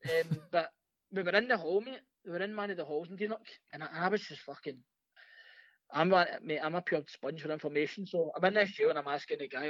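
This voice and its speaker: A Scottish man, a comedian, telling profane anecdotes in a rapid, laughing way during a casual chat. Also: on the high side, a bit bright, dry recording, muffled recording. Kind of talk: casual storytelling.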